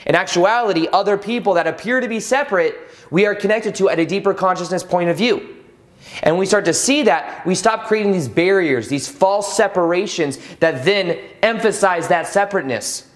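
A young adult man hosting a spiritual video, speaking earnestly to the viewer with repeated, emphatic phrases. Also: sits high. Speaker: spiritual YouTube host. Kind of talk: motivational spiritual talk to camera.

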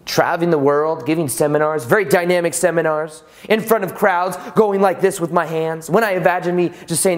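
A man with a slightly raised speaking pitch talks in an easygoing, conversational way. He tells his story with rhetorical questions and loose restarts, like a podcast host chatting with his listeners. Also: fairly quick. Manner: relaxed, repeats himself and restarts often. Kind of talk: casual motivational talk.

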